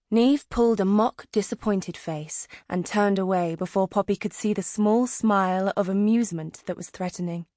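A woman reading a novel aloud as an audiobook narrator, calm and even, close to the mic. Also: medium pitch, no room sound. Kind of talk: scripted narration. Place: dry recording booth. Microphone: close studio mic.

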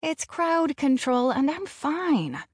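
A woman's voice: fairly high pitch, big pitch swings, unhurried, dry recording, clean studio sound, pitched above the performer's own voice. A woman voicing a defiant, sarcastic seventeen-year-old girl performer in audiobook dialogue. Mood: snappy. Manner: snappy and sarcastic.

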